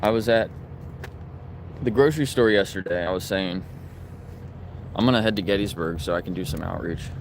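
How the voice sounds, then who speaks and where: A man with a low-pitched voice talks earnestly to his viewers while he walks and films on a residential street. He is recorded on a handheld phone, and clear traffic noise runs behind him. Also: moderate pace, pauses often. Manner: earnest, talking while walking and filming. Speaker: animal rights activist livestreamer. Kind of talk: casual livestream talking to viewers.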